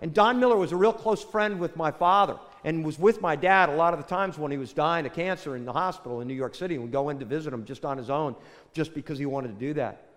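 An older man preaching a sermon as a pastor, telling a story and swinging between loud bursts and soft, hushed lines. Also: a little high, quick pace, big-room sound.

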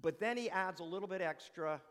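Male preacher, high voice, rhetorical and repetitive, conversational sermon, echoing hall. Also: fairly quick. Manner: animated, asks rhetorical questions, repeats phrases for emphasis.

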